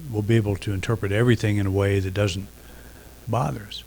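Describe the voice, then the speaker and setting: A middle-aged man giving a reflective sermon, unhurried, pausing often and restarting phrases. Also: fairly low pitch, fairly even intonation, a little mellow, a little hiss or hum. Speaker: minister.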